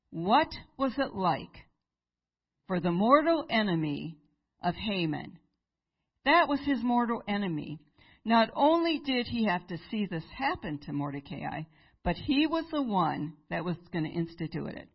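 A woman preacher telling a Bible story in a sermon, animated and acting out the characters. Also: medium pitch, unhurried, breathy edge, highs cut off.

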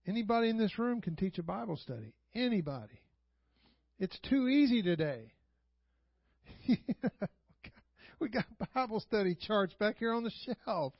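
A man with a high-pitched voice preaching a sermon in a church, telling stories like casual talk and pressing the people with rhetorical questions. He chuckles often as he goes. The recording is dry and dull, lo-fi with no room echo. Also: sing-song, moderate pace, creaky, pauses often. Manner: conversational storytelling with frequent rhetorical questions. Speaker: pastor. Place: church sanctuary.

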